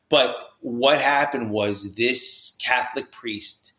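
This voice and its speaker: A man from New Jersey, a podcast guest, telling his story with high energy, lots of restarts and "you know"s. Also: a little slow, hardly any pauses, bright, forceful tone. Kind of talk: animated storytelling in conversation. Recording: roomy echo.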